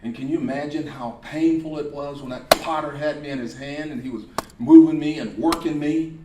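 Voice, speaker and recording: A man voicing a hushed, gentle talking teapot. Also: on the high side, fairly even intonation, normal speed, very noisy, close to an everyday voice. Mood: wistful. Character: a gentle talking teapot that speaks like an older mother. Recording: echoey hall, speaker far from mic.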